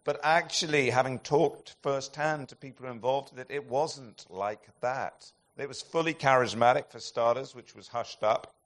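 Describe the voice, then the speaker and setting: A man delivering an impassioned sermon at a middle pitch. He moves from booming emphatic lines to near-whispered, drawn-out phrases as he tells his stories. He chuckles softly at his own anecdotes. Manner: impassioned storytelling, swinging between loud emphatic peaks and hushed, slow passages. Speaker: preacher.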